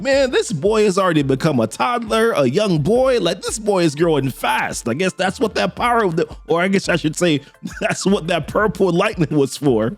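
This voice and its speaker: A man's voice: fairly high pitch, very animated, normal speed, faint music behind. A man recapping a comic book in casual, enthusiastic commentary, dotted with fillers. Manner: enthusiastic, filler-heavy narration.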